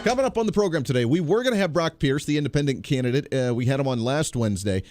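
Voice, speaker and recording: A man's voice: medium pitch, lively intonation, fast talker, darkish tone, dry recording, soft background music. A man hosting a talk radio show, a little congested, chatty and joking with frequent restarts, in a radio studio. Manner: chatty, jokey, lots of restarts.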